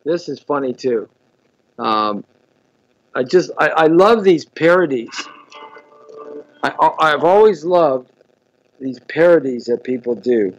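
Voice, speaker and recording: Guy hosting a live stream, kinda high voice, rambly and repeats himself, dull lo-fi audio. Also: animated, slow pace, long pauses. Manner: chatty, repeats words, greets viewers. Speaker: host. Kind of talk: casual live-stream chat.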